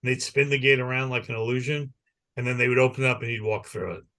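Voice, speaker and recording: Bright-voiced man spinning a rambling story. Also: mid-range voice, fast talker. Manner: rambling animated storyteller who acts out the people he quotes. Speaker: podcast co-host. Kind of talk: casual chat.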